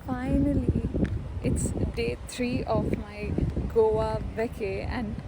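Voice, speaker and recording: A woman travel vlogger gushing with excitement, exclaiming over a beach venue. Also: on the high side, takes it slowly, gravelly, heavy background noise. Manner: gushing, effusive, exclaims often. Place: outdoors at a beach venue with live music. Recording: loud live music behind voice. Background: live singer and music.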